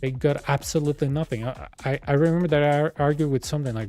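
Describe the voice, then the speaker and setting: Young guy w venting on stream, keeps saying dude, warm mellow tone, music low behind. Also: fast. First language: Spanish. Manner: exasperated, rambling, says dude a lot. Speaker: gaming streamer. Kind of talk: casual rant while gaming.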